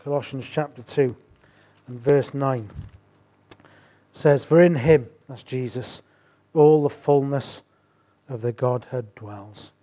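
A middle-aged man preaching a sermon, rising to emphatic bursts and dropping to quiet asides. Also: mid-range voice, takes it slowly, long pauses.

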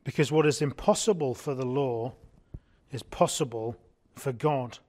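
A man's voice: medium pitch, a little slow, a little mellow. A man preaching a sermon in an earnest way, often asking his congregation rhetorical questions.

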